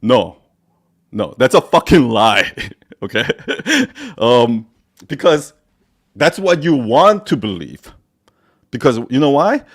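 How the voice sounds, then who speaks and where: A man hosts a live question-and-answer stream and talks in a blunt, profane way. He laughs often between points. His voice sits at an ordinary middle pitch. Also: wildly swooping pitch, slow pace, long pauses, husky. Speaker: host answering viewer questions.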